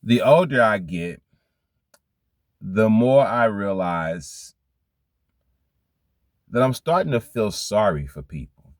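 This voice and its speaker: A man's voice: fairly low pitch, sing-song, slow pace, pauses often, dry recording. A man talking to his viewers about what he has learned with age, in a repetitive, preachy way full of rhetorical questions. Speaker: vlogger giving life advice. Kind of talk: reflective motivational monologue.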